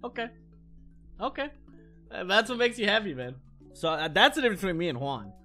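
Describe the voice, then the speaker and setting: With soft background music, a very animated man in his thirties rants on his stream in a high-pitched, sharp voice. The casual chat turns heated and profane as he rambles fast, frequently restarting what he says.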